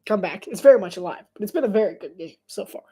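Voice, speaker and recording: A woman giving solo live play-by-play commentary on a football game, chatty and quick to laugh, joking between plays. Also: mid-range voice, expressive, dark tone, husky.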